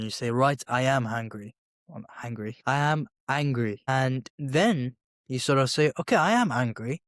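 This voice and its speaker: Man explaining calmly, dry close sound. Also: mid-range voice, dry recording. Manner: explanatory, repeats points with everyday examples. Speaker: podcast host. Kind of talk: solo podcast monologue.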